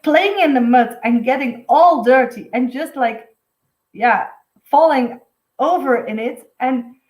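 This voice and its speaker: A woman's voice: on the high side, a little mellow, reverberant, low-quality recording. A woman giving a live intuitive card reading, rambling and heartfelt, full of fillers. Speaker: intuitive medium. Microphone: webcam or phone on a live stream.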